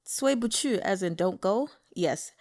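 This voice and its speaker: An excitable woman hosts a casual book chat and talks about a novel she loves. She stops to coach listeners on how to pronounce names, tone by tone, in a chatty and enthusiastic way. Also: mid-range voice, measured pace. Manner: excitable, teaches Mandarin name pronunciation. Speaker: book club host.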